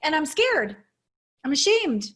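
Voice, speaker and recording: A woman's voice: high-pitched, very animated, a little slow, a bit bright. A woman guest coach speaking in an interview, telling her personal story in an earnest, reflective and openly emotional way over a video call.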